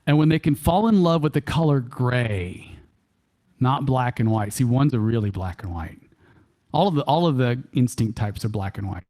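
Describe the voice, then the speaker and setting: A man with a Texan accent giving a church workshop talk, animated and folksy, chuckling often and repeating key phrases for emphasis. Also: medium pitch, moderate pace. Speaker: workshop speaker. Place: church hall.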